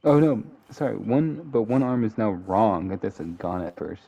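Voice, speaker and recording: A man's voice: lowish voice, moderate pace, gravelly, husky. A man casually reading out game events with dramatic flair, laughing at and correcting his own slips. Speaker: narrator of a game simulation. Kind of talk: casual read-aloud narration. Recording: dull lo-fi sound with faint hiss.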